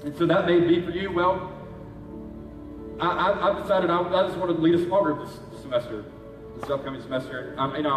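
Pastor guy preaching, earnest and pushy, kinda high voice, echoey church hall from far off. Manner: earnest, urging, conversational preaching. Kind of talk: sermon. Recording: echoey hall, heard from a distance.

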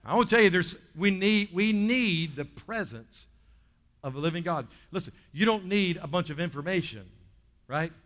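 Male pastor, fairly high bright voice, lively sermon delivery, long church reverb. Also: normal speed. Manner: lively, dropping low and soft for stories, rising loud to exhort. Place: church sanctuary.

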